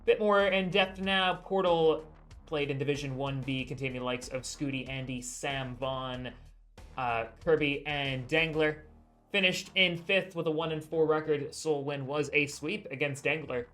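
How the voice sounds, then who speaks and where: A man's voice: fairly high pitch, fairly even intonation, moderate pace, a bit bright, soft background music. A man commentating a live esports match, introducing the players with a joking, self-deprecating manner and announcer-style hype.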